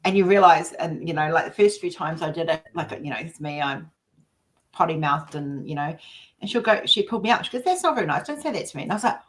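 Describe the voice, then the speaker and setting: A woman's voice: low-pitched, a little fast. A woman, hosting a casual live chat and telling rambling stories, often acting out what others said.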